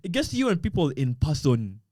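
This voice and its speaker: A young man from Uganda, a podcast guest, chatting casually and telling stories in a lively way, often quoting himself. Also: a little high, brisk, no echo, studio quality. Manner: animated storytelling, quotes himself often. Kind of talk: casual chat. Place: podcast room.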